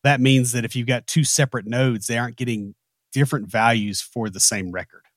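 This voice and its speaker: A man's voice: medium pitch, steady tone, fairly quick, no room sound. A man with a Southern US accent, co-hosting a casual technical talk with dry joking asides. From American South. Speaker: podcast co-host.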